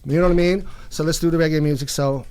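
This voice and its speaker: A man's voice: fairly high pitch, fairly even intonation, fast talker, darkish tone, clear, resonant tone. A middle-aged man from Canada, a reggae singer chatting as an interview guest, rambling through stories and breaking into bits of song and quoted voices. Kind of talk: casual interview chat.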